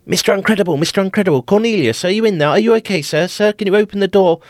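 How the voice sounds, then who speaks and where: A man's voice: high voice, rapid-fire, dry recording, voice pushed up, lightly acted. A man voicing worried dental staff calling through a locked toilet door, anxious and pleading.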